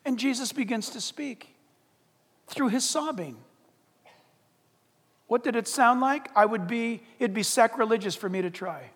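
A man preaching a sermon from a church pulpit, dramatic, dropping from loud bursts to hushed words. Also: extremely high pitch, lively intonation, normal speed, breathy edge. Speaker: pastor. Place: church sanctuary. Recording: long reverb of a large hall.

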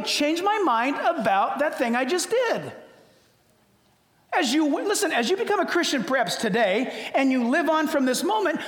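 Older male pastor, high voice, humorous and animated sermon delivery in a reverberant hall. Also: a little hiss or hum. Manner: humorous, animated storytelling with sudden drops to quiet. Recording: echoey hall.

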